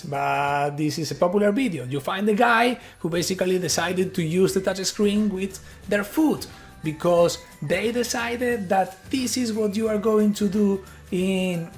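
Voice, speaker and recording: A native Spanish speaker from Argentina, with an Argentine accent, gives an earnest, persuasive tech conference talk built around an analogy. His voice sits high and he speaks at a measured pace, with faint music in the background.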